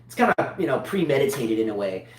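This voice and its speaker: A man's voice: mid-range voice, sing-song, fast talker. A man co-hosting a casual tennis show, talking in long rambling runs with many restarts. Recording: echoey room, mic at a distance.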